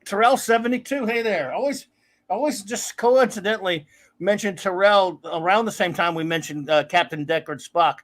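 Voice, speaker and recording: Guy cohosting a livestream, kinda high voice, goofy casual chat shouting out viewers. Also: moderate pace. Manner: jokey, greets viewers by name. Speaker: co-host of a live streamed show. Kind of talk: casual live-stream chat.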